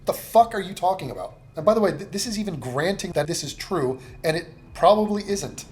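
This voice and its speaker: A man's voice: sits high, animated, brisk, a little mellow, a little hiss or hum. Sarcastic, profane man ranting. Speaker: commentary YouTuber. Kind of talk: ranting reaction commentary.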